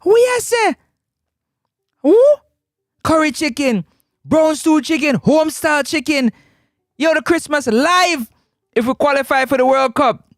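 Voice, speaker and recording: A man's voice: extremely high pitch, measured pace, a bit bright, no room sound, clean studio sound. A man with a Jamaican accent hosting a live sports talk stream, teasing viewers playfully and laughing often.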